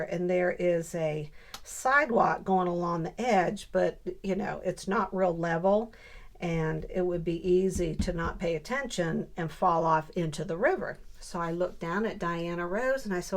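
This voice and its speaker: Older woman with a gravelly low voice. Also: unhurried. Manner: chatty, mutters softly to herself while working. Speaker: scrapbooking crafter and channel host. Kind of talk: casual crafting tutorial chat.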